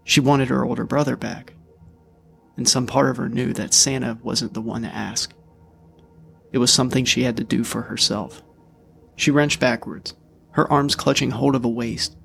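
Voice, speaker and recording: A man reading a dark storybook aloud in a steady, measured way. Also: mid-range voice, gravelly, faint music behind. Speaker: narrator.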